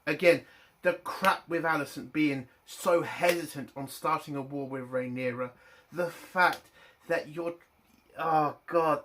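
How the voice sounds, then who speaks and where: A man angrily ranting in a TV review vlog, swearing heavily and breaking into loud indignant bursts. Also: on the high side, a little slow, slight background noise. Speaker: TV review vlogger.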